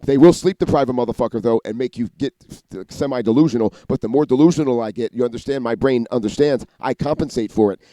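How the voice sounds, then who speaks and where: A man rants in a rapid, profane monologue, restarting his sentences and leaping from one idea to the next. His voice is dark and mellow at an ordinary pitch, recorded close and dry. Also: dry recording. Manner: rapid, profane, restarts and jumps between ideas. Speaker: vlogger. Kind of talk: rambling monologue to camera.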